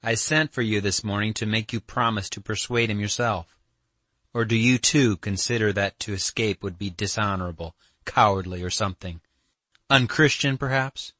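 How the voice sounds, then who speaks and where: A man's voice: lowish voice, steady tone, moderate pace, sharp tone, dry recording. A man reading an audiobook, voicing a proud, defiant young woman who falters and pleads in distress. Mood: distraught.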